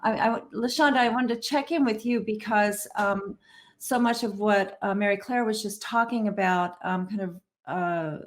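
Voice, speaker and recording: A woman moderating a panel discussion on a video call, gently prompting the speakers in a measured, hesitant way. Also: mid-range voice.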